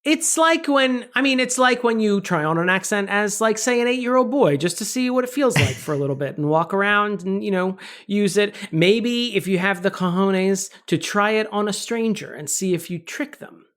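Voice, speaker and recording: A woman's voice: medium pitch, expressive, normal speed, hardly any pauses. A woman co-hosting a comedy podcast, chatting casually and rambling through jokes with frequent laughs. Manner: jokey, rambling, laughs often. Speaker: podcast co-host. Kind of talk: casual chat.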